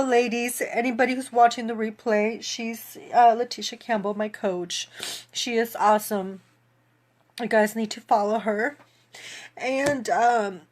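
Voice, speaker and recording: A woman talks slowly to her live viewers, her voice sitting a little high. She is emotional and tearful, often breaking into laughter between words. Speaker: fitness coach giving a live testimonial. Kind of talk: live video chat to viewers.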